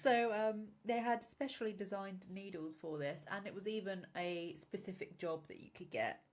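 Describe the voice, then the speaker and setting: A woman's voice: mid-range voice, moderate pace. A woman co-hosting a podcast in casual chat, giggling often as she explains each point. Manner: giggly, explains topics with loose asides. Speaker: podcast co-host.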